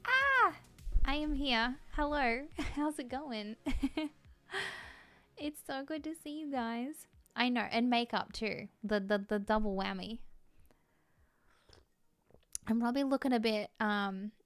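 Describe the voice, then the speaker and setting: A woman's voice: a little high, slow pace, pauses often, smooth, no echo, faint music behind. A woman chatting casually on her live stream, bubbly and giggly, thanking viewers and admitting she feels scattered.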